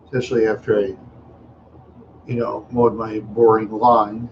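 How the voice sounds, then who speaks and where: A man's voice: medium pitch, level tone, slow pace, long pauses, darkish tone, highs cut off, slight background noise. A tired, yawning man hosting a casual livestream chat, rambling along with many fillers and trailing asides. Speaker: livestream host.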